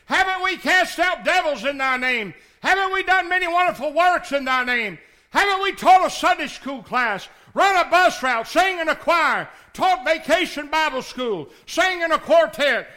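A man's voice: very high voice, expressive, moderate pace, bright, forceful tone, voice pushed up, full character voice. A man preaching, voicing a lost man who pleads and cries out at his judgment. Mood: pleading. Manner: pleading, crying out in panic.

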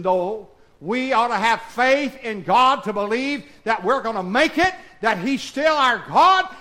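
A pastor with a very high-pitched voice preaches a call-and-response sermon in a church. He fires questions at the congregation and swings between hushed and shouted lines.

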